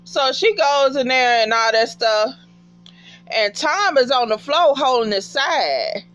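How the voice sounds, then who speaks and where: A woman giving a casual TV episode recap in an animated, profane way and talking back to the characters. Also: high-pitched, takes it slowly, highs cut off, faint music behind.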